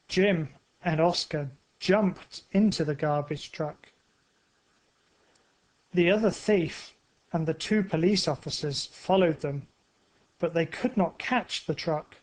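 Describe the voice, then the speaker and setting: A man narrates a simple story for English learners in a high, light voice. He reads very slowly, pausing between short phrases so each sentence lands clearly. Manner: careful, evenly spaced phrasing. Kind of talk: slow graded-reader narration for English learners.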